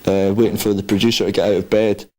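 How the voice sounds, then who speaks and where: Low-voiced man, laid-back band talk. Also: fast, poor audio. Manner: relaxed, hesitant with fillers, dry humor. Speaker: band member. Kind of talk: casual interview.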